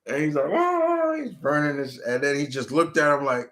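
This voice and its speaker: A man hosting his own channel, chatting casually on a live stream and answering viewer questions. He rambles with many restarts and gets animated when retelling scenes. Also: mid-range voice, fairly quick.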